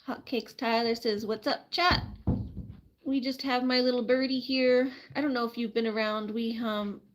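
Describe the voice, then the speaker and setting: A woman's voice: fairly high pitch, steady tone, normal speed, a little hiss or hum. Chatty woman cooing to her hen. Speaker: streamer caring for her animals. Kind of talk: casual live stream chat.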